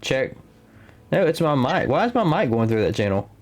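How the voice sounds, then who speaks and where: A man's voice: mid-range voice, sing-song, normal speed. A man co-hosting a live tabletop game stream, chatting casually and laughing easily. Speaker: stream co-host and commentator.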